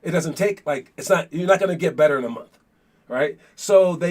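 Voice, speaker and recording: A man's voice: on the high side, fairly quick. A man coaching basketball, talking casually to viewers in a rambling way, with many fillers and repeated words. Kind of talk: casual livestream talk.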